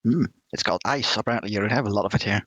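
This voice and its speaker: Low husky man playing a tabletop game. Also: racing, fairly bright tone, dry recording, dull audio. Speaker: player.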